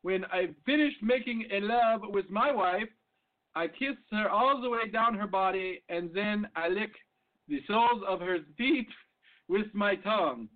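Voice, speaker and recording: A man doing a slow smug husband. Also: high-pitched, phone-quality sound, pitched above the performer's own voice. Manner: slow, drawn-out bragging.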